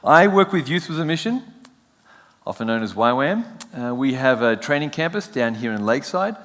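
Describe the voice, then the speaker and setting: A man's voice: medium pitch, sing-song, moderate pace, fairly bright tone. An Australian man giving a chatty, joking sermon as a guest preacher. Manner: chatty, self-joking, laughs often. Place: church sanctuary. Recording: long church hall reverb.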